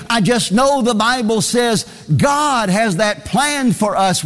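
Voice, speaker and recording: A man's voice: high-pitched, big pitch swings, measured pace, in a large hall. A man preaching a sermon, reading scripture aloud and driving his points home by repeating key phrases.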